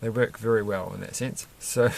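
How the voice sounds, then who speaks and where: A man's voice: lowish voice, steady tone, moderate pace, vocal fry. A man chatting casually and rambling while he builds a toy set, chuckling often and breaking off mid-sentence. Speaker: vlogger building Lego sets.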